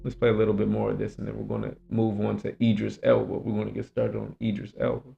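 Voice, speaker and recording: A man's voice: fairly low pitch, monotone, fast talker, vocal fry, lo-fi sound, faint music behind. A man hosting his own commentary channel, arguing his points emphatically and repeating them for stress. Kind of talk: opinionated casual commentary.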